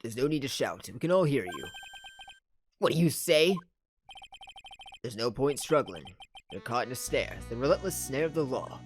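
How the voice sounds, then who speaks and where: A woman voicing a cool, smug masked male prosecutor who speaks low, smooth and unhurried. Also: animated, soft background music.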